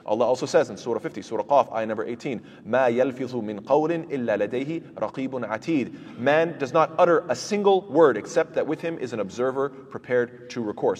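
A man's voice: medium pitch, slightly rough, big-room sound. A man teaching a Quran commentary lecture, asking rhetorical questions and answering them himself, with recited verses in between.

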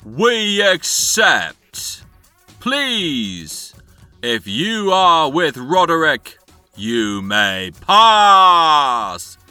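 A man voicing beefy male rock elf guards who bellow slow, loud challenges. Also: on the high side, big pitch swings, clean tone, faint music behind, pitched above the performer's own voice, full character voice.

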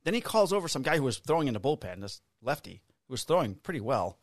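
This podcast co-host, a man in his fifties, spins a long, casual, profane story, acting out the dialogue with animation. His medium-pitched voice moves fast, captured in a dry, clean studio recording.

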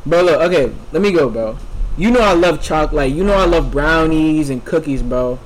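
A man's voice: a little high, animated, moderate pace, slight background noise, poor audio. A young man co-hosting a casual podcast chat with friends, emphatic and repetitive. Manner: emphatic, repeats himself, lots of "bro". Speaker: podcast co-host.

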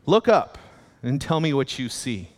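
A pastor voicing a sharp, dry detective who speaks tersely. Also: male voice, medium pitch, big pitch swings, measured pace.

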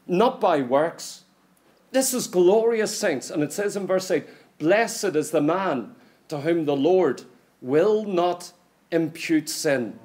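Preacher, male, high-pitched, emphatic sermon delivery with rhetorical questions. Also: a little mellow. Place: church.

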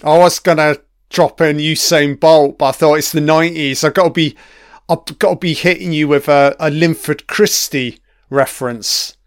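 A man's voice: fairly high pitch, steady tone, normal speed, no echo, studio quality. A man giving a casual commentary on a TV episode, chatty and swearing freely, laughing along as he watches.

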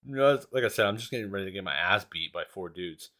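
Male podcast host telling stories off the cuff: low-set voice with a forceful, bright edge, swears freely and rambles. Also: quick pace. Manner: profane, rambling, animated. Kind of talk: casual storytelling.

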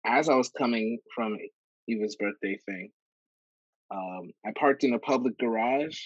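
A man's voice: mid-range voice, unhurried, no echo, highs cut off. A man co-hosting a podcast in casual chat, laid-back and rambling with dry jokes. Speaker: podcast co-host.

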